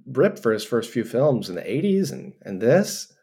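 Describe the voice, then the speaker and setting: A man co-hosting a podcast, chatting casually about films, chiming in with short, relaxed remarks. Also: mid-range voice, normal speed, slightly rough. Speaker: podcast co-host. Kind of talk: casual film discussion.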